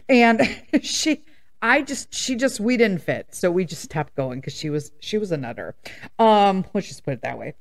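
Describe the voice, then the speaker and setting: Podcast host, woman, 50s, blunt and sassy, very expressive pitch. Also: normal speed. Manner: blunt, animated storytelling with laughs and sass. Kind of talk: candid casual monologue.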